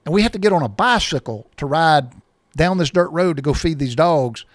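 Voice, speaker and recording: A man's voice: on the high side, expressive, a little fast, dry recording, studio quality. A man in his sixties telling a personal story in a folksy, rambling way, often repeating himself.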